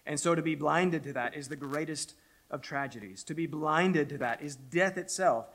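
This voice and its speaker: A middle-aged man preaching a sermon as pastor, emphatic and repetitive, dropping his voice very low at the ends of phrases. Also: fairly bright tone. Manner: emphatic preaching, repeats words, drops to near-whisper at phrase ends.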